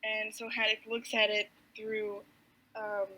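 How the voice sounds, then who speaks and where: A woman's voice: on the high side, monotone, takes it slowly, pushed and bright, rough recording. A woman co-hosting a podcast, chatting casually and giggling while she acts out comic characters' lines. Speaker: podcast co-host. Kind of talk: casual chat recapping a comic.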